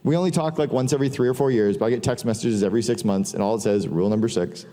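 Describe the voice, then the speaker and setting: A man's voice: mid-range voice, very fast, warm tone, slight background noise. Man talking casually in a reverberant hall. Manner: casual, profane, storytelling with quoted dialogue. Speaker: speaker giving a business talk. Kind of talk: casual conference talk. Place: large hall before an audience.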